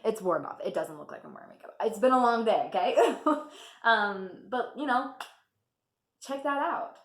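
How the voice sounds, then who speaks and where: A woman's voice: on the high side, expressive, normal speed. Chatty young woman in an echoey room. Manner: chatty, laughs often, lots of fillers. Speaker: vlogger. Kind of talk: casual storytime vlog.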